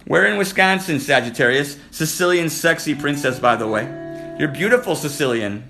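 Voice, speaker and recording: A man's voice: on the high side, lively intonation, gravelly, bright, forceful tone. Flirty man hosting a live stream. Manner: flirty, teasing, rapid-fire comments to viewers. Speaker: livestream host. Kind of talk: casual live-stream chat with viewers. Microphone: phone. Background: guitar music.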